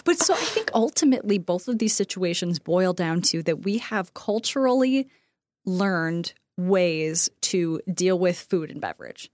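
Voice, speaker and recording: An American woman co-hosting a casual podcast chat, animated and quick to act out quoted dialogue in different voices, laughing often. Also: lowish voice, no room sound. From United States. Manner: laughs often, filler-heavy. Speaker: podcast co-host.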